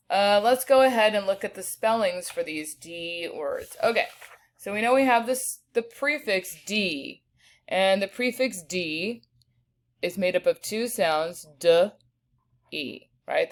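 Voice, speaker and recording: A woman teaching a recorded spelling lesson, patiently sounding out each word slowly. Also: medium pitch. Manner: patient, slow sounding-out of words.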